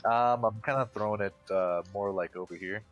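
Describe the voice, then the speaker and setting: A man with a very deep voice plays in a tabletop game. He plans his move out loud in a hesitant way, with plenty of ums. Faint music plays behind him. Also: moderate pace, dull audio. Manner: hesitant, thinks aloud with many ums. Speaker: player. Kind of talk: casual tabletop play.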